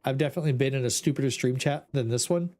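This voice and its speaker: A man's voice: mid-range voice, rapid-fire, darkish tone. A man streaming a ghost-hunting game, talking to his chat in an exasperated, joking way. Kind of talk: casual gameplay commentary.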